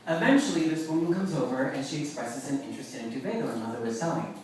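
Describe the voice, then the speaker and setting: A man from Long Island telling a comic story on stage, wry and animated with self-mocking asides. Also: medium pitch, fast, slight background noise. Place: live performance venue with audience. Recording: echoey room, far from the mic, audience laughter.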